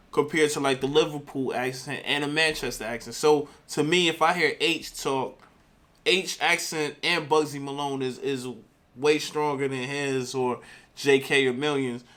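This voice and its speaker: American male reaction host, laid-back slangy commentary, voice on the higher side. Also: a little slow. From United States. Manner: relaxed slangy chatter. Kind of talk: casual commentary.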